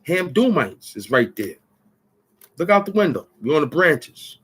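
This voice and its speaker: A man's voice: a little high, big pitch swings, unhurried, slightly rough. A man hosting his own channel, taunting and boasting in a rambling trash-talk rant. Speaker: channel host. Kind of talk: trash-talking rant at the camera.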